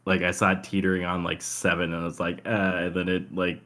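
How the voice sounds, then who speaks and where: A man's voice: sits low, monotone, a little fast, bright, forceful tone. A man who plays in a tabletop game, talking in an easygoing, rambling and hesitant way. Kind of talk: casual chat after a tabletop game session.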